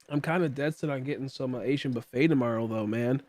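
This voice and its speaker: A man's voice: on the high side, moderate pace, long pauses, a bit bright, no echo. A man in his late twenties chatting casually while streaming a game, rambling with many fillers and coughing now and then. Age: late 20s. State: coughing, throat tickly.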